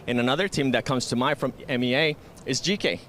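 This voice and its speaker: A man's voice: medium pitch, fast, fairly bright tone, a little hiss or hum. A man working as an esports analyst, giving casual, frank breakdowns of teams.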